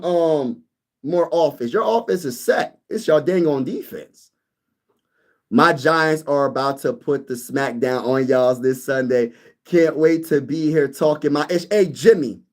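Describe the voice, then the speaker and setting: A young man hosting a casual sports live stream, reading viewer comments and bantering back with lively energy. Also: fairly high pitch. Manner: animated, reads chat comments aloud and banters. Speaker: sports YouTube host.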